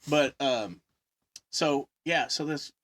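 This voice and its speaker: A man's voice: a little high, slow, a bit bright, dry recording. A man telling a story in casual chat, rambling with many fillers and laughing as he talks. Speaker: podcast guest storyteller.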